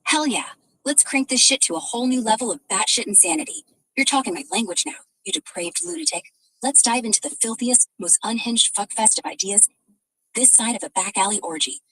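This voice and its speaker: A foul-mouthed female AI voice rants in wild, vulgar bursts from a device in a car. Her tone sits a little high and has a husky, breathy edge. The sound is close and dry. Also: animated, a little fast, a bit bright, no room sound, poor audio. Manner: crude, gleefully vulgar, over-the-top. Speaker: AI voice assistant. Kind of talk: unhinged profane banter.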